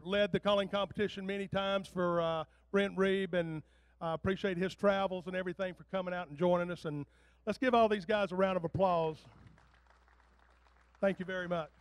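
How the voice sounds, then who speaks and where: A man's voice: high voice, steady tone, normal speed, smooth. A man working as emcee at an awards ceremony, calling out names in a plain, conversational way. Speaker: event emcee.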